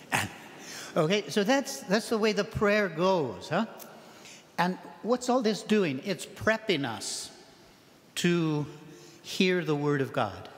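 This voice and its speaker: Abbot preaching in a reverberant church. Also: male voice, sits high, takes it slowly, long pauses. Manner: animated, acts out the prayers and the people in the pews. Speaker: abbot giving a parish mission talk. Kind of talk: sermon.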